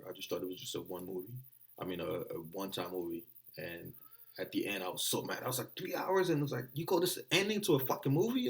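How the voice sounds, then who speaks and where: A young man vlogging in a casual chat, rambling and excitable, swearing often. English is not his first language. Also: low-pitched, vocal fry.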